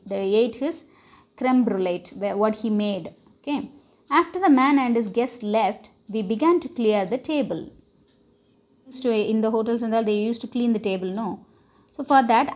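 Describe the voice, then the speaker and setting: A woman's voice: a little high, dull audio. A woman teacher, explaining a story line by line with many repetitions and fillers. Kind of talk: classroom lesson explaining an English text.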